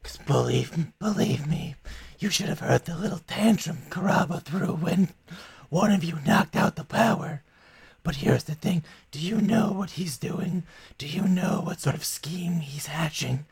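Man doing a sly bound devil, gravelly, swooping pitch, scheming, drops to whispers, tabletop role-play. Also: lively intonation, unhurried, a little mellow, exaggerated voice. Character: sly bound male devil bargaining from chains.

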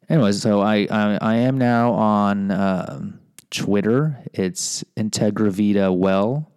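A man's voice: lowish voice, a little mellow, clean tone, no room sound, studio quality. A middle-aged man talking to camera in an earnest monologue, thinking aloud as he goes. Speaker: vlogger. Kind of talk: casual reflective monologue.

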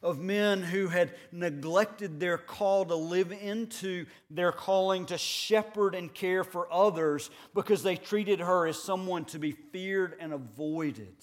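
A man preaching a sermon, earnest and measured, building points with rhetorical questions and repeated phrases. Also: high-pitched. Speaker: pastor.

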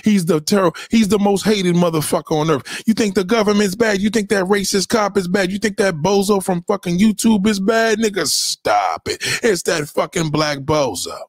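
A man's voice: high voice, lively intonation, moderate pace, hardly any pauses, no room sound, clean studio sound. A man ranting on a livestream in a heated, preachy way, swearing constantly and repeating his points. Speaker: livestream host. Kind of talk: profane motivational rant. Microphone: home webcam mic.

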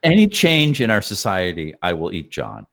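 A man's voice: deep voice, huge pitch swings, moderate pace, creaky, fairly bright tone. A man bantering and riffing on jokes in a casual comedy chat, often trailing off mid-sentence.

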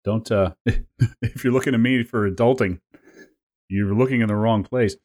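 A man's voice: fairly low pitch, normal speed, a little mellow. A man in his forties, co-hosting a podcast in casual, rambling chat, joking and laughing often. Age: 40s. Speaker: podcast co-host.

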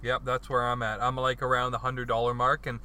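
A man's voice: mid-range voice, completely flat delivery, a little fast, bright, forceful tone, smooth. A man in casual chat who talks in a loose, rambling way with frequent restarts.

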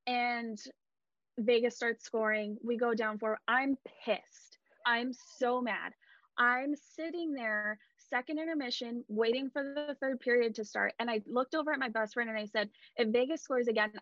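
A woman with a fairly high voice tells her story with animated, emphatic energy. The sound is dry and a little dull, close on the mic. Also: no echo. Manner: animated, emphatic, fast retelling. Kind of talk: excited fan storytelling.

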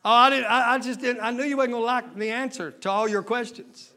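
A male pastor preaching a sermon, moving between quiet storytelling and shouted exhortation, with folksy grammar and questions to the congregation. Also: steady tone, brisk. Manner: builds from low retelling to shouted exhortation.

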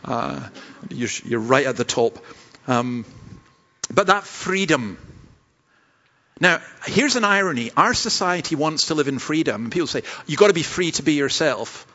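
A man's voice: fairly high pitch, animated, normal speed, sharp tone, dull audio. A Scottish man, a pastor preaching a sermon, earnest and self-deprecating, with stumbling restarts. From Scotland.

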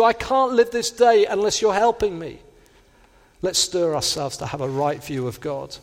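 A man preaching a sermon, earnest and direct, now and then slipping into little acted-out inner voices. His voice sits high for a man. The sound rings out with a long reverb, as in a large hall.

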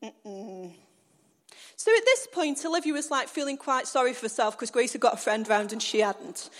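A woman on a stage, preaching through a lively personal story she acts out. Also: high voice, brisk. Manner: animated storytelling, acting out scenes. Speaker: church speaker.

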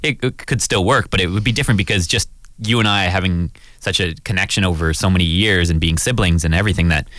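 A man's voice: sits low, fast, fairly bright tone, dry recording, studio quality. A man hosting a radio talk show, chatting casually with his sister and speaking in a thoughtful, hesitant way. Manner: thoughtful, hesitant, circles back to his point. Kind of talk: casual chat.

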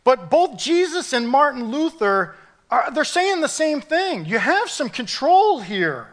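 A male pastor preaching a sermon in an animated, emphatic way, pushing his voice up at key points. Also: extremely high pitch, unhurried.

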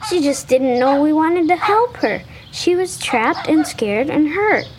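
A woman doing a sweet earnest boy, high lively voice, slow delivery, radio play, noisy recording. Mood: gentle. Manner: earnest, expressive. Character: earnest young boy, kind-hearted. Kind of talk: radio drama acting.

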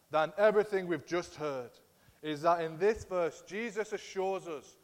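Earnest preacher in an echoing hall. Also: male voice, sits high. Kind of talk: sermon. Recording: long reverb of a large hall.

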